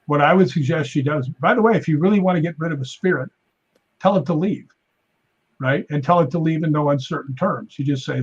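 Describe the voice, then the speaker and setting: A man's voice: slightly rough, highs cut off. A man, a guest stuntman, telling stories casually on a podcast and acting out the quoted voices. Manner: animated storyteller, acts out quotes with raised pitch. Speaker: guest stuntman and paranormal investigator.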